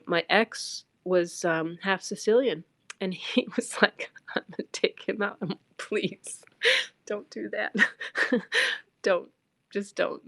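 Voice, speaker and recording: Middle-aged new lady, low voice, ranting bluntly about an old boss, dry close sound. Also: no echo. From New York. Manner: blunt, animated, emphatic storytelling. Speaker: livestreamer. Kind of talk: casual personal storytelling.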